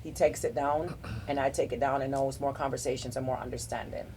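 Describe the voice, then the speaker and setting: A woman's voice: extremely low pitch, steady tone, fast talker, a little hiss or hum. A middle-aged woman hosting a podcast, giving earnest, rambling relationship advice in a casual group chat. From South Florida. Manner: warm-hearted, rambling, earnest advice with restarts. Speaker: podcast host.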